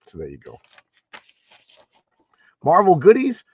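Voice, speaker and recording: A man's voice: sits high, wildly swooping pitch, slow, husky, no echo, lo-fi sound. A man casually reading through an old comic and commenting on it, rambling with restarts and asides. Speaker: comic book reviewer.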